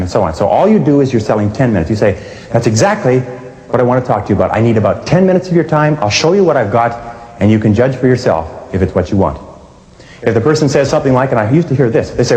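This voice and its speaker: Male sales trainer, quick and emphatic, acting out phone calls; echoey hall recording. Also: mid-range voice, darkish tone. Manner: emphatic, acts out phone dialogues. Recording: echoey hall with long reverb.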